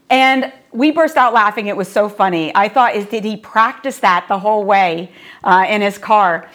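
A woman's voice: mid-range voice, moderate pace, fairly bright tone. A middle-aged woman, a yoga teacher, talking as a podcast guest in an earnest, reflective storytelling way. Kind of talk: podcast conversation.

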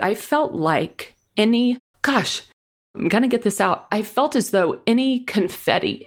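A woman guest on a podcast, sharing a personal story in a halting, apologetic way while near tears. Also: mid-range voice.

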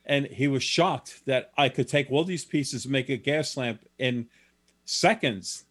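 A man's voice: mid-range voice, a little slow, a bit bright. Male guest author, plain storyteller, mid-range voice, matter-of-fact delivery. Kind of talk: storytelling in a radio interview.

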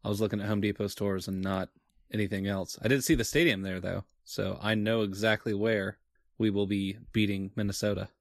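A man's voice: on the low side, fairly even intonation, brisk, no room sound, clean studio sound. A man co-hosting a casual sports podcast, making wry, joking asides. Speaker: podcast co-host.

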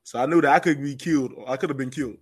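A man telling a story as a podcast guest, animated, and repeating phrases for emphasis. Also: medium pitch, very fast, slightly rough. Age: adult with children. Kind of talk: casual storytelling.

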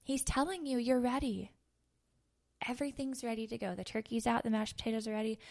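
A woman in her thirties talks through a devotional in a casual, earnest way, with plenty of fillers. Her voice sits fairly high and has a gravelly fry. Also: steady tone, brisk, a little mellow. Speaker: podcast host. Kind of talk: conversational devotional teaching.

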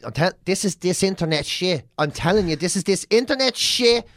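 Sweary Irish man, high voice. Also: expressive, fairly quick, fairly bright tone, no echo. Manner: sweary, mocking, rambling storyteller. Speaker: podcast co-host. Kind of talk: casual podcast banter.

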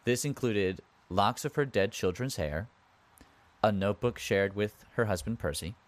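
A man's voice: fairly low pitch, normal speed. A man hosting a podcast, retelling history in a casual way with wry asides and conversational comments. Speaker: podcast host.

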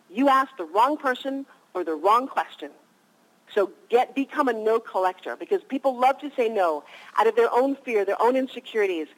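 A woman's voice: fairly high pitch, low-quality recording. A woman in her fifties, a guest on a radio interview, telling stories with energy and animation.

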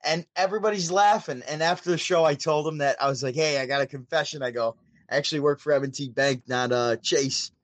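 A man's voice: fairly high pitch, fast, no echo. A man from Syracuse, New York, casually telling a long story as a podcast guest, acting out quoted voices as he goes. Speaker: podcast guest, DJ and show host. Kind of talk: casual storytelling over a call.

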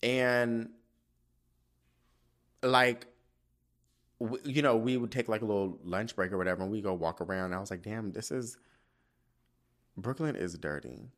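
A man hosting a casual solo podcast, ranting in an animated, profane way and acting out his own quoted asides. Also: on the low side, normal speed, pauses often. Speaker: podcast host.

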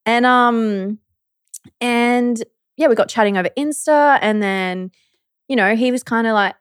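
A woman's voice: on the high side, a little slow, smooth, no echo, clean studio sound. A young woman co-hosting a casual chat, playful and easygoing, laughing often. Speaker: podcast co-host.

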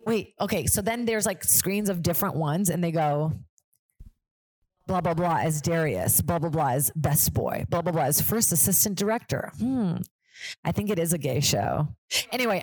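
A woman's voice: on the low side, darkish tone, no room sound. Chatty young woman comedian, dry close mic. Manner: chatty, rambling, self-deprecating. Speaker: podcast host, stand-up comedian. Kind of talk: casual chat.

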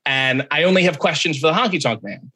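This podcast guest speaks a little high and a little fast. He's spinning a story in relaxed chat, performing the quoted voices of its characters with plenty of animation.

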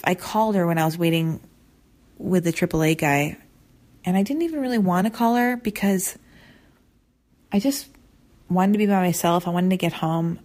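A woman's voice: on the low side, darkish tone. A woman podcast host talking candidly and emotionally in a solo intro, rambling and repeating herself as she vents.

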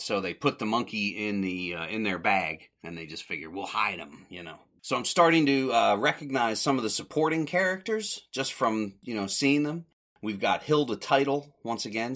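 A man casually recapping on his podcast, rambling and correcting himself as he goes. His voice sits a bit low but has a bright, forward edge. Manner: rambling, self-correcting, chuckles at the jokes. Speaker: podcast host.

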